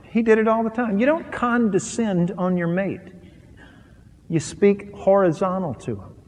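A pastor preaching a sermon on marriage to a live audience, emphatic and animated, swinging between loud and soft. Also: male voice, sits high, measured pace. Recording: long reverb of a large hall.

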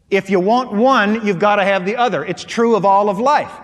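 A man's voice: sits high, normal speed, hardly any pauses, big-room sound. A middle-aged male pastor preaching a sermon, telling stories and driving points home with punchy, repeated phrases.

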